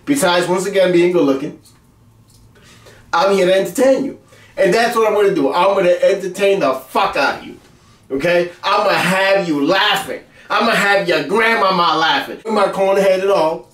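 Brash cursing man with a high voice. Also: a bit bright. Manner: brash, boastful, heavy cursing, mock-angry outbursts. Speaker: web series host. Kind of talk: profane comic rant to camera. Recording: roomy, distant from mic.

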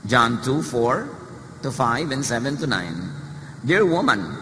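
A man's voice: medium pitch, expressive, measured pace, sharp tone. A man with a Filipino accent preaching a sermon, conversational and humorous, moving between English and Tagalog. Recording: echoey hall, faint noise.

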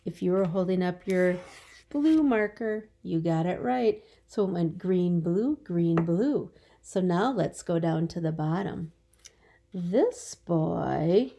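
A woman's voice: on the low side, animated, slow, vocal fry, warm tone. A woman teacher giving a remote phonics lesson to young children, stretching out her words in a patient, encouraging way.

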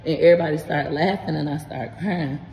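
Brief: frank, animated mom in her thirties, low mellow voice, echoey room with faint hiss. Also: brisk. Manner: frank, animated, swears casually. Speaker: content creator and parent. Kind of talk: casual vlog explaining homework help.

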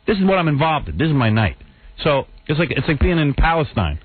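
A man's voice: big pitch swings, fast talker, breathy edge, dry recording. Exasperated man telling a story on radio. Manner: exasperated, acts out quotes in a higher voice. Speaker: radio show host. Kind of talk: animated storytelling on talk radio. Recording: phone-like narrow radio sound.

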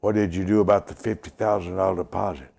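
An older man preaching and praying, slow and emphatic, repeating lines and dropping to a whisper. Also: deep voice, fairly even intonation, creaky, a little mellow. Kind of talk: sermon with prayer.

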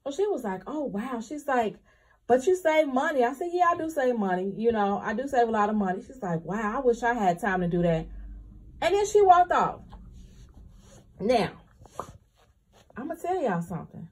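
A woman's voice: a little high, lively intonation, normal speed, long pauses, slightly rough. A young woman, chatting candidly to her viewers about her couponing trip and calling them y'all. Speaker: couponing vlogger. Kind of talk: casual chat to viewers.

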